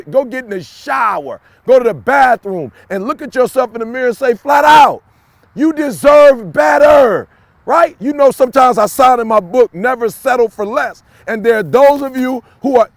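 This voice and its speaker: A middle-aged man delivering a motivational talk with a preacher's swing. His voice sits very high and carries a gravelly rasp. He hammers lines with shouts, then sinks to a murmur, recorded close and dry. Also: dry recording. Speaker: motivational speaker. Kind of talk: motivational speech to camera.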